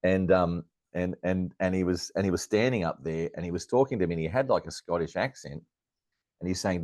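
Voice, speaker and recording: A middle-aged Australian man with a low, deep voice recounts a childhood story as an interview guest. He talks in a lively, anecdotal way, chuckling and circling back with fillers and restarts. The recording is dry and close, with no room sound. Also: brisk, no room sound. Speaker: astrologer guest.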